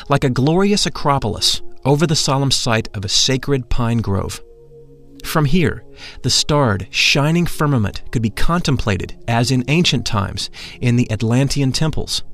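A man's voice: medium pitch, animated, measured pace, fairly bright tone, faint music behind. A man narrating a mystical first-person account in an earnest, reverent reading.

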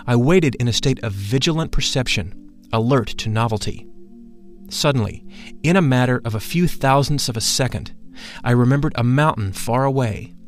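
A man reading a spiritual first-person memoir aloud in a measured, solemn manner. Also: medium pitch, soft background music. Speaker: narrator.

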